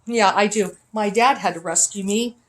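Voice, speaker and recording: A woman vlogger rants straight to camera in a rambling, unscripted way. Her talk is profane and accusatory, at a middling pitch for a woman, recorded in a hotel room. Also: moderate pace.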